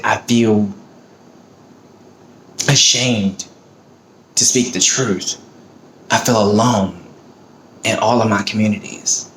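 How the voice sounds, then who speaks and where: A man's voice: fairly low pitch, a bit bright, a little hiss or hum. A man on his own video giving a heated, profane, emotional rant about politics. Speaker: vlogger. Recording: roomy echo, faint ambience.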